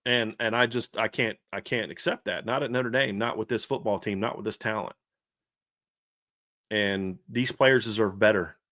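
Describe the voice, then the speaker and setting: A man's voice: on the low side, fairly even intonation, normal speed, pushed and bright, no room sound, clean studio sound. A man co-hosting a sports podcast, ranting heatedly about his team's coaching, fired up and repeating himself with restarts. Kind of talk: heated sports commentary rant.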